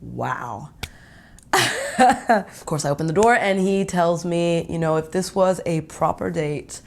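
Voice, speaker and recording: A young woman hosting a podcast, telling a first-person story in an animated, giggly way and laughing often. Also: lowish voice, slow pace, gravelly. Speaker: podcast host.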